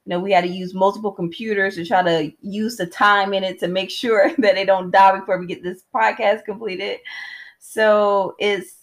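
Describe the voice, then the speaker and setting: A woman co-hosting a relaxed movie review podcast from a hot room at home. She talks in a chatty, rambling way, laughs easily and stops now and then to reach for a word. Her voice has a middle pitch. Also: moderate pace. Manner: chatty, laughs, searches for words. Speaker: podcast co-host. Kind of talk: casual movie review chat. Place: hot room at home during a power cut.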